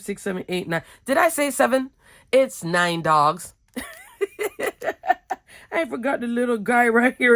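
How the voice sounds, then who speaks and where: A woman with a raspy, slightly sick voice, casually showing her handmade cards with goofy giggles. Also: mid-range voice, fairly bright tone. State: a little sick, hoarse. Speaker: card-making crafter. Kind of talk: casual craft tutorial chat.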